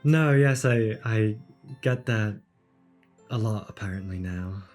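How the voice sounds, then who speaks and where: A man's voice: fairly low pitch, takes it slowly, darkish tone, soft background music. A man playing a jester in a tabletop game, awkward and self-deprecating, often stammering. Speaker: player.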